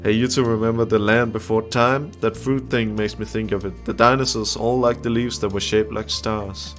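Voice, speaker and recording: A man's voice: on the low side, steady tone, normal speed, soft background music, lightly acted. A man voicing a friendly, eager boy in a visual novel and reading his lines in a chatty, cheerful way.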